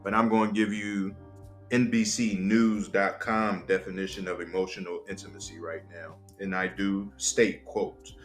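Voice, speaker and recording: Casting: young male podcast co-host, lowish voice, blunt and profane, shoots from the hip, faint music underneath. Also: flat delivery, moderate pace. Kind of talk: candid casual podcast chat.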